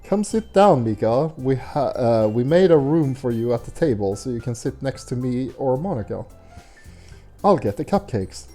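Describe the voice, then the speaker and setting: A man voicing a cheerful, energetic schoolgirl while reading a game's dialogue aloud. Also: mid-range voice, normal speed, faint music behind, lightly acted. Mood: eager. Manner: bubbly, eager.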